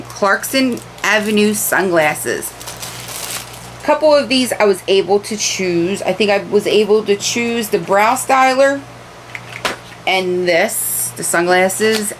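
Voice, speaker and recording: A woman's voice: medium pitch, a bit bright, slight background noise, rough recording. A woman chatting casually as she unboxes beauty products, candid and repeating words for emphasis, in a room lit by a ring light. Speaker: beauty vlogger.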